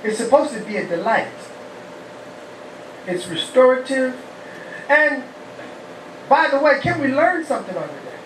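A rabbi gives a lively call-and-response sermon, asking the congregation questions and shouting praise. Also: male voice, very high voice, measured pace, pauses often, slight background noise. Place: humid, warm house of worship. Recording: echoey hall, mic far off.

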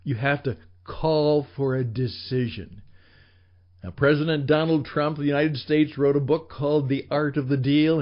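A man hosting a radio show and teaching a sales formula in an emphatic style, sometimes dropping to a whisper. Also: fairly high pitch. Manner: emphatic, with dramatic drops to whispers. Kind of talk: animated instructional talk. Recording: slightly dull lo-fi recording.

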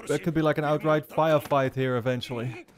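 A man giving casual, excitable reaction commentary on an anime episode, swearing often and breaking into loud laughter. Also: a little high, fast, soft background music.

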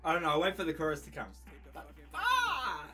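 A man from New Zealand with a New Zealand accent, reacting excitedly to an album while fighting a cold and coughing, gushing and laughing often. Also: fairly high pitch, racing. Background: music playing faintly.

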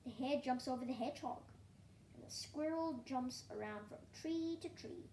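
A woman reading a children's story aloud in a gentle, hushed way that often drops near a whisper. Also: sits high, moderate pace, reverberant, a little hiss or hum.

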